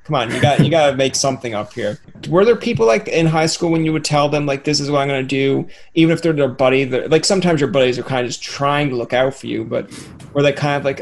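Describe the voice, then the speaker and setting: A man's voice: medium pitch, quick pace, vocal fry, slight background noise. A man hosting a casual interview, rambling and joking, often acting out other people's voices. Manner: rambling, jokey, acts out quoted voices. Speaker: podcast host.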